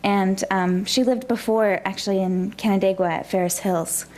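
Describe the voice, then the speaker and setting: A woman minister preaching a gentle, reflective sermon in a church. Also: mid-range voice, fairly even intonation, moderate pace.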